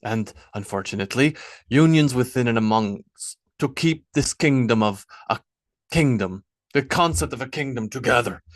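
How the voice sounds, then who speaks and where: A man's voice: mid-range voice, expressive, moderate pace, no echo, natural voice. A man voicing a stern, ambitious Viking king in an audiobook, speaking in a blunt, commanding way.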